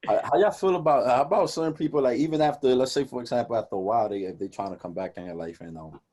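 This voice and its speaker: A young man co-hosting a casual podcast, talking in animated, profane street slang and acting out quoted conversations. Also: mid-range voice, racing. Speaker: podcast co-host.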